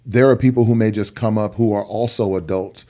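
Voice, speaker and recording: A middle-aged man, a guest rapper, telling personal stories in an earnest podcast conversation and acting out the people he quotes. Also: a little fast. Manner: earnest, animated, acts out quoted people with big pitch jumps. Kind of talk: candid podcast storytelling.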